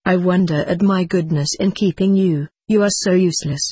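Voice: mid-range voice, moderate pace, darkish tone, husky, no room sound, studio quality, natural voice. A narrator doing a haughty, scornful cat-breeding lady. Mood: scolding.

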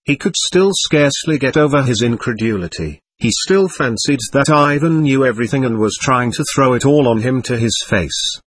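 A man narrating a classic novel as an audiobook in an expressive, dramatic storytelling manner. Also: mid-range voice, normal speed, few pauses, slightly rough, no echo. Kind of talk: scripted narration.

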